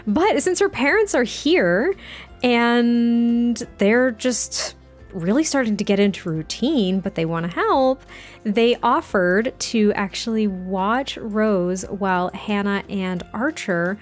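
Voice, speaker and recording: With faint background music, a young adult let's play host casually comments on a life-sim game, exclaiming, chatting, and correcting herself. Her voice is medium-pitched with lively intonation and a slow pace.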